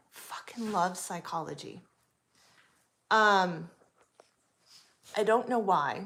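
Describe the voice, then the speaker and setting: A woman's voice: medium pitch, unhurried, pauses often, a bit bright. A woman in her forties from the US West Coast, chatting casually on a livestream and answering viewer comments. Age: 40s. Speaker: livestream host.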